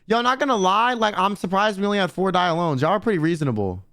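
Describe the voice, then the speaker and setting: A man's voice: high voice, lively intonation, quick pace, pushed and bright. A young man streaming and chatting casually with viewers in a blunt, slangy way, swearing often.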